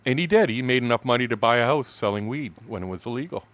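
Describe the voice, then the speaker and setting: A man's voice: medium pitch, fast talker, fairly bright tone, no echo. A man in his sixties, a gaming streamer telling a crude, profane anecdote in a casual, chuckling way. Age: 60s. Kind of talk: casual storytelling while streaming.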